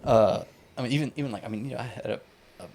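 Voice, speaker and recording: A man's voice: medium pitch, rapid-fire, darkish tone, slight background noise. A man in his thirties, a podcast guest, talking casually and rambling with many restarts and fillers. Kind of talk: casual conversation.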